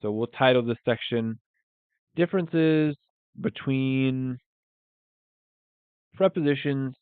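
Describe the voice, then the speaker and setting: A man teaching English live, thinking aloud in a relaxed way and working Spanish phrases into the lesson. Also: medium pitch, slow, clear, resonant tone, dry recording. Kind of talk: live-streamed language lesson. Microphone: phone. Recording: dry, phone-like sound.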